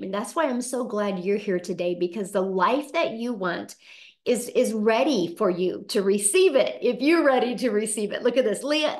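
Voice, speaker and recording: A middle-aged woman hosting a webinar, giving an enthusiastic, persuasive sales pitch and talking straight to her audience. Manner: upbeat, persuasive, addresses audience as "you guys". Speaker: webinar host.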